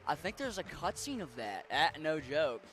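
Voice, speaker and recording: Chatty western Maryland streamer man, bright. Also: on the high side, sing-song, moderate pace, slight background noise. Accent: western Maryland, Pittsburgh-Appalachian mix. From western Maryland, USA. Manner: rambling, chatty, swears casually. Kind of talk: casual chat while gaming.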